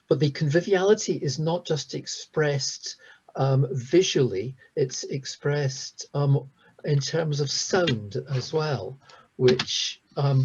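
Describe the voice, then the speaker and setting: A man giving a recorded lecture, talking hesitantly with many pauses and restarts. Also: mid-range voice, a little mellow, husky. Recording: dull lo-fi sound.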